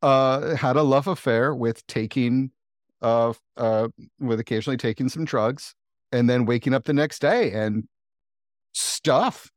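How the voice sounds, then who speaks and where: A man's voice: mid-range voice, measured pace, dry recording, clean studio sound. A man playing in a tabletop game, chatting casually and laughing often as he tells stories. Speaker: player.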